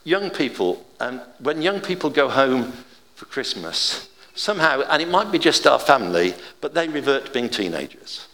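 An older man giving an informal, chatty sermon with gentle humour and family anecdotes. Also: medium pitch, very animated, normal speed, big-room sound.

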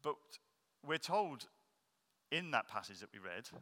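A man preaching a sermon, explaining earnestly and slowing down to stress key points. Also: medium pitch, sing-song, bright, forceful tone. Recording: long reverb of a hall.

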